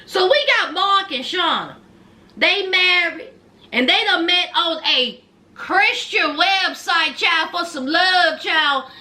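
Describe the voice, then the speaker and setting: Sassy woman with a very high voice. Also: takes it slowly, pushed and bright. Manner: sassy, teasing, addresses viewers as honey and child. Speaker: reality show recapper. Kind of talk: casual show recap.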